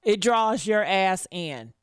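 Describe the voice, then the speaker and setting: A woman's voice: medium pitch, expressive, takes it slowly, clear, resonant tone, dry recording. A woman doing reaction commentary on a livestream, blunt and profane, repeating her points and talking straight to her viewers. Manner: talks straight to her chat, asks for likes.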